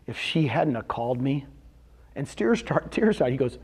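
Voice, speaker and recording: Homme énergique au timbre assez aigu. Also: male voice, fairly high pitch, normal speed. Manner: energetic, asks the audience questions and answers them. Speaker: real estate brokerage executive speaking at a company event. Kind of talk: motivational business talk to an audience.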